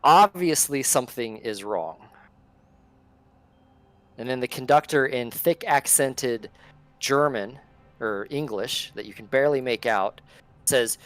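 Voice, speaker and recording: A man's voice: mid-range voice, animated, unhurried, long pauses, fairly bright tone. A man narrating a tabletop game as game master, setting scenes with description.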